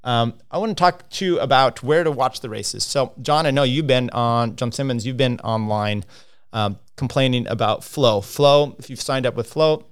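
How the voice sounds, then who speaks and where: A man's voice: medium pitch, clean tone. Rambling man hosting a cycling livestream. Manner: rambling, many fillers and restarts. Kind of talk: casual live commentary reading viewer comments.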